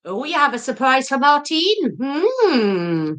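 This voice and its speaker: A middle-aged woman chats casually during a home live stream, wandering easily from one thought to the next. Her voice sits a little higher than most women's. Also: very animated, slow, fairly bright tone. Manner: chatty, easily distracted. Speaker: cooking channel co-host.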